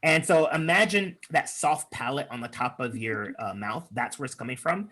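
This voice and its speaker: A man's voice: mid-range voice, expressive, moderate pace, bright, forceful tone. A man leading an online speaking workshop, chatty and encouraging, with lots of fillers, over a video call. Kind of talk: workshop talk with improv exercises.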